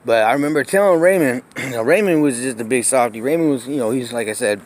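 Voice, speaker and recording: A tipsy man talks fast in a medium-pitched voice while walking the street and alleyway of his old neighborhood outdoors. He rambles profane stories into a handheld phone, laughing often between phrases.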